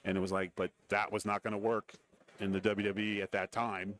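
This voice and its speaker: There's slight background noise as a middle-aged man with a fairly low, fairly quick voice tells stories from a radio row broadcast booth. He's a guest there, a former wrestler and TV commentator, and in this casual interview he animatedly performs the voices of people he quotes.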